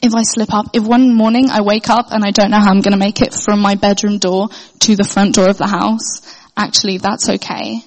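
A woman's voice: medium pitch, little pitch movement, fairly quick, in a large hall, rough recording. A young woman sharing a heartfelt personal faith testimony, hesitant, with many fillers and restarts. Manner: earnest, heartfelt.

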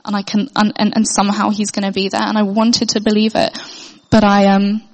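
A woman's voice: medium pitch, completely flat delivery, a little fast, in a large hall, low-quality recording. A young woman sharing a heartfelt personal faith testimony, hesitant, with many fillers and restarts. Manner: earnest, heartfelt.

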